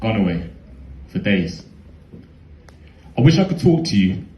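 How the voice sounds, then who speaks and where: A man's voice: on the low side, sing-song, unhurried, echoey room, highs cut off, a little hiss or hum. A young man with a London accent performing a heartfelt spoken word poem in a rhythmic, rhyming delivery.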